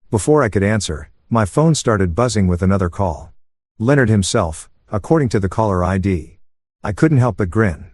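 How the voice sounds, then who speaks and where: Calm low-voiced male storyteller. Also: moderate pace, no echo, studio quality. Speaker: narrator. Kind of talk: story narration for sleep.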